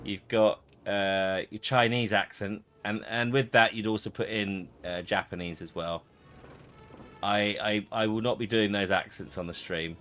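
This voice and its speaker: A man's voice: on the low side, steady tone, a little slow, a bit bright, soft background music. A man chatting and joking as he plays a video game on stream. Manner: chatty, jokey, reacts aloud to the game. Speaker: gaming streamer. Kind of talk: casual gameplay commentary.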